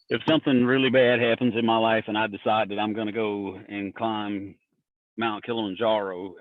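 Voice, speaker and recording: A man's voice: on the low side, no echo. A man host in casual chat, teasing and joking with his guest. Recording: dry phone-like sound.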